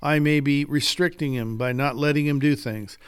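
A man's voice: on the high side, fairly even intonation, normal speed, smooth. An older man, a guest author, telling stories in an earnest, preacher-like way during a casual podcast conversation. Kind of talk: casual chat.

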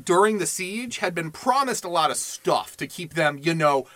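Male podcast host, high bright voice, animated, casual history chat, profane asides, dry close sound. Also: moderate pace, dry recording. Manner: animated, profane, acts out quotes in silly voices.

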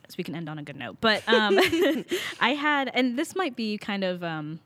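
A woman's voice: mid-range voice, sing-song, normal speed, fairly bright tone, no room sound. A young woman, a college student, chatting casually and laughing often, with lots of fillers. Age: young adult. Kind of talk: casual chat.

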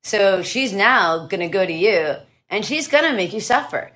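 Woman guest, casual chat, quick laughs, acts out quotes. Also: medium pitch, animated, fairly bright tone. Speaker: podcast guest.

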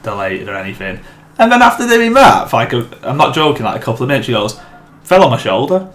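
A young man, casually telling a story among friends, animated and laughing often. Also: medium pitch, fast, faint music behind. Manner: animated, swears freely, laughs through the story. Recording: echoey room with faint ambient noise.

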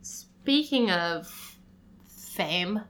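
A woman co-hosting a casual podcast chat, quick with wry remarks and interjections. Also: lowish voice, lively intonation, a bit bright. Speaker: podcast co-host, actor.

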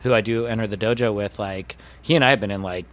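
A man's voice: lowish voice, steady tone, fast talker, fairly bright tone. A man being interviewed as an actor guest, chatting casually in a rambling, hesitant way with lots of fillers.

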